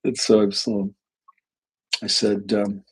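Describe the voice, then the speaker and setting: A middle-aged man talks in a casual, rambling way, hosting his own live stream as a psychologist. His voice sits low and sounds rough and raspy. He keeps restarting sentences and quoting back and forth as he tells a story. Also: completely flat delivery, slow, rough recording. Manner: rambling, with restarts and quoted dialogue. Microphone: webcam or desk mic on a live stream.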